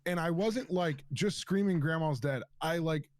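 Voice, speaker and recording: A man's voice: sits high, moderate pace, dry recording. A young man telling a sleepwalking story in a casual chat, swearing often and piling up fillers as he goes. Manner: swears a lot, animated storyteller with many fillers.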